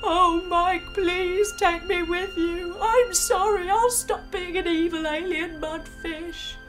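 Woman playing a slow, gloating alien mudfish villain. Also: high-pitched, music in the background. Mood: pleading. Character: sneering evil male alien mudfish.

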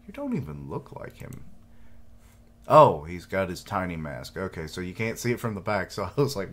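A man's voice: low voice, animated, normal speed, a little hiss or hum. A man doing live reaction commentary, reading lines aloud and joking in a casual, profane way. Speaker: manga reaction streamer.

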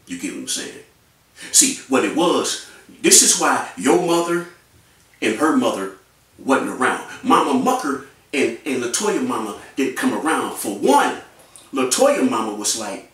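Brief: fired-up male vlogger, AAVE, lively pitch swings, mic at a distance in a very echoey room. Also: measured pace. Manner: animated, repetitive, mocking. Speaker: YouTube commentator. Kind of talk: ranting commentary.

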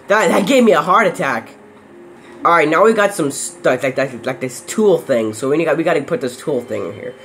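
High, bright-voiced young man gaming. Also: normal speed, gravelly, faint music behind. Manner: jumpy, yelps and shouts when startled. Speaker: gameplay commentator. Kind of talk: casual let's-play commentary.

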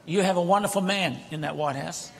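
The sermon comes from a male guest preacher at the pulpit of a large church sanctuary, preaching with impassioned, conversational fervor into a handheld microphone. His voice sits high and is a bit bright, fairly quick, with vocal fry. The sound is that of a reverberant church hall with a congregation.

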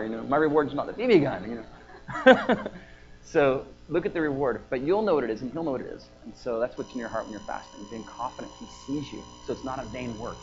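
Casual male preacher, chatty delivery, muffled livestream sound, clear music underneath. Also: mid-range voice. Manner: conversational, laughing asides, frequent fillers. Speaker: pastor. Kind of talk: sermon. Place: church prayer house.

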